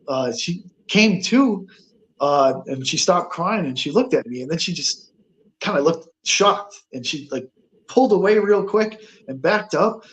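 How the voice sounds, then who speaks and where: Halting man telling a ghost story. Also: a little high. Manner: halting, many fillers and restarts. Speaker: guest. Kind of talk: casual storytelling on a paranormal talk show.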